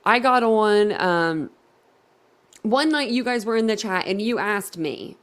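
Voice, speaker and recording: A woman's voice: medium pitch, animated, measured pace. A woman hosting a casual livestream and chatting to her viewers in a giggly, easily flustered way. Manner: giggly and easily flustered, talks straight to the chat. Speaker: livestream host.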